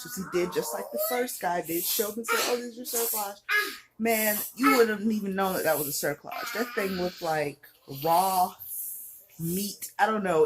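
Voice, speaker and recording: A woman's voice: lowish voice, heavy background noise. A heavily pregnant young woman, out of breath, telling a personal story in a chatty, candid way full of fillers. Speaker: vlogger.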